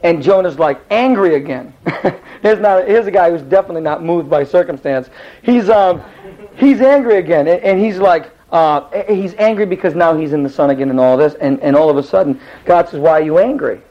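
Rambling, high-voiced male Bible teacher. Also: normal speed, lo-fi sound. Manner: lively, rambling, many restarts. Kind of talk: animated Bible storytelling lesson.

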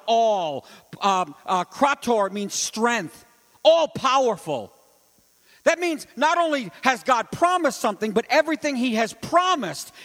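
A man preaching a sermon in a church, swinging between loud climaxes and hushed asides and asking rhetorical questions. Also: high-pitched, in a large hall. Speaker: pastor. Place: church sanctuary.

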